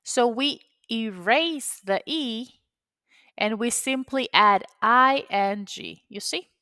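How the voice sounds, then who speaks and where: Taking it slowly in a fairly high, sharp voice on a dry recording, a female English teacher whose first language is Spanish gives a grammar lesson. She patiently works through the rule step by step, repeating its key points.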